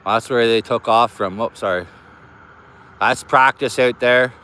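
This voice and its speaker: A man's voice: medium pitch, steady tone, measured pace, sharp tone, clean tone. Chatty man live-streaming outdoors. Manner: chatty, greeting viewers by name. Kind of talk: casual live-stream chat. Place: outdoors near an air base.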